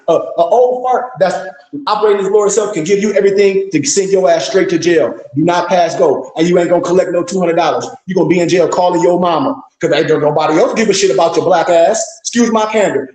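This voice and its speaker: Blunt, scolding man with high voice. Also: darkish tone. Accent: African American Vernacular English. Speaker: temple leader. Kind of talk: fiery streetwise lecture. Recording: echoey room.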